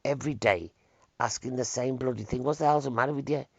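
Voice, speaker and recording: A man's voice: medium pitch, quick pace, a little mellow, dry recording, lightly acted. A man voicing an irritable male chip shop owner, snapping at customers. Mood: exasperated. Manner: exasperated, snapping.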